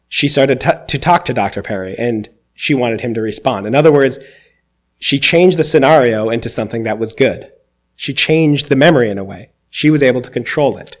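A man giving a conversational, reflective sermon, reading scripture aloud and explaining it with occasional fillers. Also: mid-range voice. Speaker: preacher.

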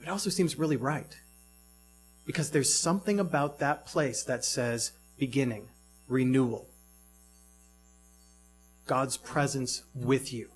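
A man's voice: mid-range voice, measured pace, long pauses, faint music behind. A man preaching a sermon in a reflective way, asking many rhetorical questions.

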